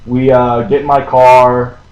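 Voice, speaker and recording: A man's voice: medium pitch, flat delivery, unhurried, a little mellow, muffled recording. A young man telling a long story in casual chat, rambling, laughing often and swearing freely. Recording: roomy echo with faint ambience.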